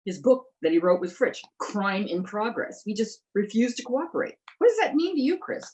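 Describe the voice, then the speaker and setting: A woman investigative journalist in a conversational interview, talking in an animated, emphatic way and throwing in rhetorical questions. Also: medium pitch, moderate pace, low-quality recording.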